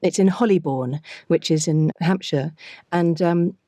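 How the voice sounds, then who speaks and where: A woman's voice: lowish voice, unhurried, mellow, no echo. Chatty woman guest, dry sound. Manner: chatty, anecdotal. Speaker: actor and discussion guest. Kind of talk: conversational discussion.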